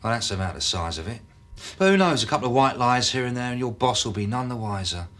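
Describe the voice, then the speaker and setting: An actor playing a sardonic, probing detective. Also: male voice, mid-range voice, animated, fast talker, a bit bright, natural voice. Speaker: police detective.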